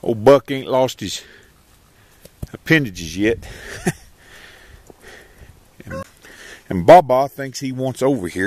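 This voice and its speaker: Man, folksy chat, mid-pitched voice, outdoors in a pen, animals in the background. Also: animated, slow pace, long pauses, slightly rough, dry recording. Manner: folksy and rural, talks to his animals between explanations, calls dogs loudly. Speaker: homesteader filming his chores. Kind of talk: casual vlog narration while working.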